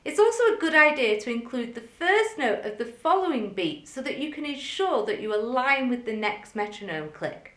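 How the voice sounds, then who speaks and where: Lively woman teaching music. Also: a little high, moderate pace, hardly any pauses, echoey room. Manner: clear, methodical teaching with counted chanting. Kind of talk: instructional video lesson.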